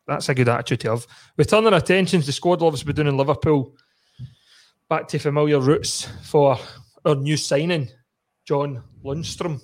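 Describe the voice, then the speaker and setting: A man's voice: a little high, moderate pace. A Scottish man hosting a football podcast, leading the chat with questions and sweary banter. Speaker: podcast host.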